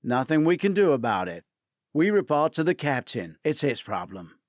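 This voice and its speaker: A man's voice: fairly high pitch, very animated, moderate pace, dry recording, studio quality. A man voicing a blunt, sarcastic older American detective in a spoken audiobook. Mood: dry. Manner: curt, sarcastic, dismissive.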